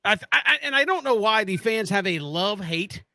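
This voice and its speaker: Bright, high-voiced sports talk man. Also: brisk, no room sound. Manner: animated, stumbles and restarts when fired up. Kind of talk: casual sports radio chat.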